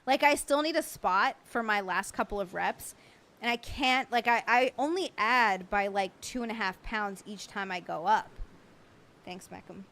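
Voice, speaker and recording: Greeting her viewers and answering their comments, a medium-pitched woman keeps her livestream casual and chatty. She gets excited easily and laughs readily.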